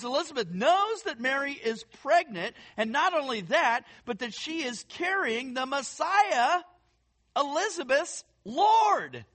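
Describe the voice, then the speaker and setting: A man preaching a sermon, reading scripture aloud and talking to his listeners in a conversational, animated way. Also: very high voice. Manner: conversational, addresses listeners as friends; animated, puts on quoted voices while reading. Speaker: pastor.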